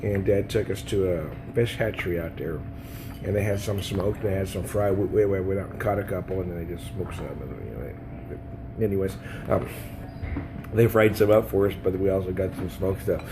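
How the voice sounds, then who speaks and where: With a noisy background, a low-pitched man talks at normal speed in a casual video review. The beer vlogger, whose voice is going, laughs often and rambles folksily about beer and food outdoors at a trout farm restaurant.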